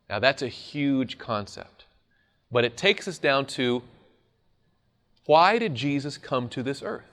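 Animated male preacher. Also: mid-range voice. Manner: animated, conversational, laughs often. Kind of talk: sermon.

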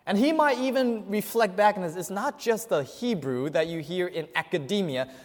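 High-voiced preacher in a reverberant hall. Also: male voice, lively intonation, normal speed. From Chinese family. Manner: asks the audience questions, swings between loud and hushed. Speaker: pastor. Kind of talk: sermon.

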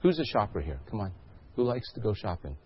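A man's voice: fairly low pitch, big pitch swings, fairly quick, breathy edge, muffled recording. A male pastor delivering a sermon, telling a story and asking the congregation questions.

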